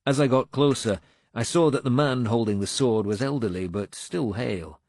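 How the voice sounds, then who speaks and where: A man narrating an action audiobook in measured storytelling style, close to a studio microphone. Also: dry recording. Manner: measured storytelling, lively pitch. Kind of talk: scripted narration.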